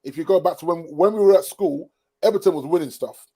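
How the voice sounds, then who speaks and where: A man gives his football opinions on a podcast. His voice runs a touch high, and he keeps repeating phrases to hammer his point home. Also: quick pace, mellow, breathy edge. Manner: opinionated, repeats himself for emphasis. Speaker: podcast co-host. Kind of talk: casual football chat.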